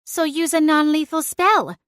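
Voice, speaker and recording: A woman's voice: high-pitched, measured pace, a bit bright, no echo, voice pushed up. A woman voicing a sarcastic, bossy female talking cat in an audiobook, with dry quips. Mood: sardonic. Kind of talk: audiobook character voice.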